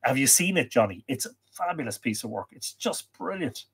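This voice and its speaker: Irish male livestream host, medium pitch, casual and rambling, reads chat aloud. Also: lively intonation, a little fast, gravelly, a bit bright, husky. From Ireland. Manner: chatty, reads viewer comments aloud, many fillers.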